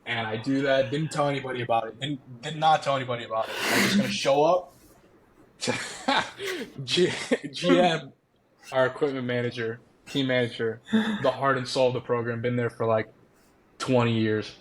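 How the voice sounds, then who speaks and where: A young man, a former college ballplayer, telling stories as a podcast guest in a casual, animated way, laughing often and acting out quotes. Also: medium pitch, normal speed, noisy background. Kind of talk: casual storytelling.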